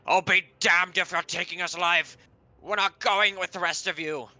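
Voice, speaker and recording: A game master voicing a desperate bandit captain who shouts defiance at the heroes. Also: medium pitch, fairly even intonation, moderate pace, voice pushed up. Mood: defiant. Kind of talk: tabletop game narration.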